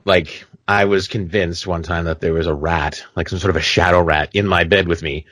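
A young man co-hosting a casual podcast, telling stories with lots of swearing and acting out his own panicked shouts. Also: deep voice, steady tone, normal speed, no room sound. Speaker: podcast co-host.

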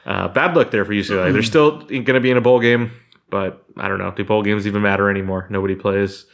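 A man co-hosting a sports podcast, giving measured, opinionated takes with "um" fillers. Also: fairly low pitch, steady tone, gravelly. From Southern California. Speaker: podcast co-host. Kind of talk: casual sports chat.

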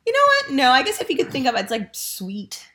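A woman's voice: high voice, fast talker. A young woman casually chatting as a podcast co-host, telling a story animatedly and swearing freely. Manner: storytelling, profane, animated when retelling. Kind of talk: casual chat.

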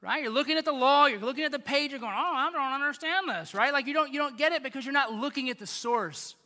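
Man, pastor, sermon, conversational and animated, very high voice, long hall reverb. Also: fast talker.

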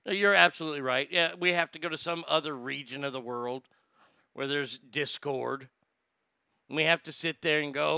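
A man tears into politics on his talk show, crude and mocking, full of swagger. His voice sits high and gravelly with a sharp, bright edge. The recording is dry and close, with no room sound. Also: moderate pace, dry recording. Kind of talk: profane political rant.

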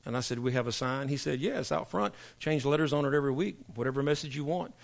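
A middle-aged male pastor preaching a sermon to his congregation, emphatic and preacherly, dropping low for punchlines. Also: quick pace, creaky. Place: church sanctuary.

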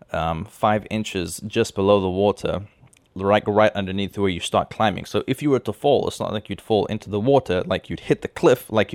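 Rambling and self-correcting, a young man tells a personal story in a casual way. His voice sits low and sounds gravelly, with no echo on the recording.

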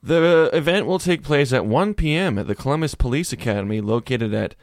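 A man on a comedy podcast reads news stories aloud, cutting in with dry, sarcastic jokes and some swearing. His pitch swings widely as he goes. The sound is dry and close, with no room echo. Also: animated, a little fast. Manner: wry and sarcastic, swears, breaks into goofy voices. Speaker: podcast co-host. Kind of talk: casual comedic chat, reading news articles aloud.

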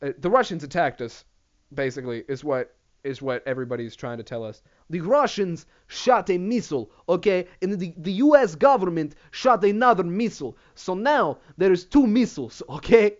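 A young man hosting a casual solo rant, full of swearing and sidetracks. He apologizes for himself as he goes. His voice sits a bit high, and the recording sounds muffled and lo-fi. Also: normal speed. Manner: profane, rambling, self-deprecating. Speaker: podcast host. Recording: dull lo-fi recording.

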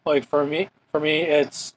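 A man's voice: fairly high pitch, flat delivery, measured pace, breathy edge, low-quality recording. A young man from Hawaii hosting a casual podcast chat, rambling with lots of "like" fillers. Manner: rambling, heavy use of "like" as filler. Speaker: podcast host.

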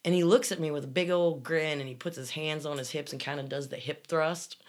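A woman's voice: deep voice, fairly even intonation, brisk. A middle-aged woman co-hosting a casual chat show, reading listener comments and telling blunt, swearing stories. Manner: blunt, storytelling, swears freely.

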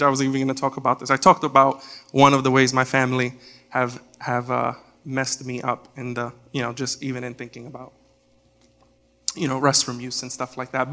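A young man preaches in church, telling a comic family story with lots of energy. His voice is bright and forceful and sits a little high for a man. He jumps into loud, high shouts when he quotes people. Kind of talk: sermon storytelling.

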